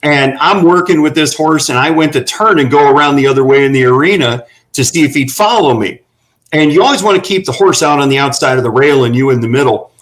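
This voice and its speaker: A man's voice: a little high, fairly bright tone, low-quality recording. A middle-aged man telling earnest, folksy stories about working with horses as a guest on a talk panel. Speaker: guest running horse therapy for veterans.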